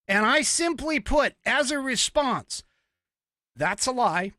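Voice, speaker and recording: A fired-up man delivers a podcast monologue with a forceful, bright edge and a voice that swings widely up and down. He rants and swears openly, and the sound is dry, close and free of room echo. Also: very high-pitched, expressive, slow. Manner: angry, profane ranting. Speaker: podcast host.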